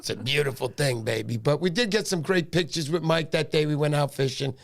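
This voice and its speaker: A man's voice: fairly high pitch, a little fast, creaky. A man hosting a casual fishing livestream, tired, greeting viewers by name in a friendly way.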